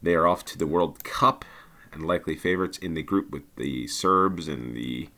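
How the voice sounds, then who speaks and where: Deep-voiced man musing through a map game. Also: moderate pace, pushed and bright. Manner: thinking aloud, hesitant with many ums. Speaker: game commentator. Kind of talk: casual gameplay commentary.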